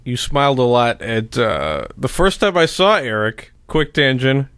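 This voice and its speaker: A man in casual chat, telling rambling anecdotes in an animated way, with lots of fillers. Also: medium pitch, unhurried, clean tone, no room sound.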